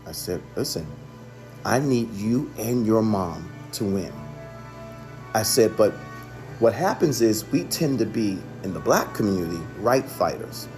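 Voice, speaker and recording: A man's voice: lowish voice, lively intonation, measured pace, a little mellow, soft background music. A man, a chef, telling the story of a phone call in an earnest monologue, often repeating himself for emphasis. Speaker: chef and restaurant owner.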